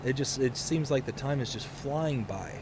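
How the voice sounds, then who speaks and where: A young adult man chatting casually on a live game stream, rambling in a relaxed, fond way with lots of fillers. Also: medium pitch, normal speed, noisy background. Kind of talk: casual live-stream chat while playing.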